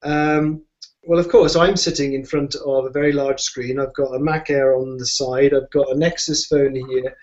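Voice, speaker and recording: A man's voice: medium pitch, fairly even intonation, moderate pace, a little mellow. A man answering questions in an online discussion, talking in a rambling way with many restarts and fillers. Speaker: guest expert on design. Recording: muffled lo-fi audio.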